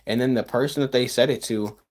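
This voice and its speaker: A man's voice: medium pitch, steady tone, fast, darkish tone. A man, chatting casually with livestream viewers, rambling with stammers and sarcastic asides.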